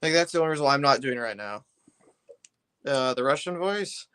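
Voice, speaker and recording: A man's voice: mid-range voice, animated, a little fast, pushed and bright, clear, resonant tone. A man chatting casually on a live stream while building a brick set, rambling loosely and often trailing off mid-thought.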